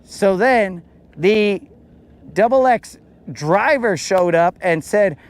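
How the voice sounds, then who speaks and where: A man's voice: sits high, animated, slow pace. A man hosting a podcast, telling a story in a casual, slangy, laid-back way. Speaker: podcast host.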